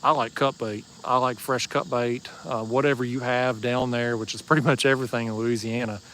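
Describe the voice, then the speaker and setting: A man with a relaxed East Tennessee Southern drawl talks easily through a fishing livestream, folksy and joking as he answers his viewers. His voice sits in an ordinary middle register. He is recorded outdoors at night, with faint crickets and insects chirping behind him. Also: medium pitch, brisk, slight background noise. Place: outdoors at a marina bank at night.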